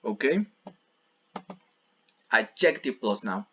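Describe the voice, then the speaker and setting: Slow, patient male English teacher. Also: mid-range voice, animated, a bit bright, lo-fi sound. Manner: repeats and rephrases each example patiently. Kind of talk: bilingual classroom explanation.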